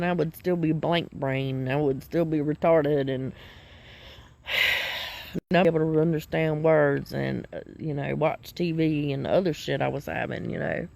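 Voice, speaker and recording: A woman's voice: low voice, creaky, a little mellow. A woman, talking emotionally to a support group in a live video, swearing often and laughing through tears. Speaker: benzo withdrawal group member.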